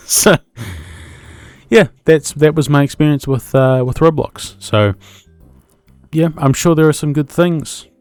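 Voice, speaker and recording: A man's voice: a little high, slow, darkish tone, clean tone, no echo, faint music behind. A man in his twenties with a New Zealand accent, hosting a solo podcast in a rambling, self-correcting way and swearing casually. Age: 20s. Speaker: podcast host.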